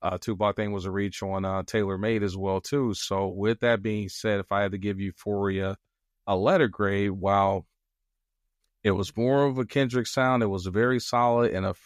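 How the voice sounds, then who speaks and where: A man co-hosting a podcast in casual chat, measured and reflective, with frequent hesitations. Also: fairly low pitch, clean tone, no room sound, clean studio sound. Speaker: podcast co-host.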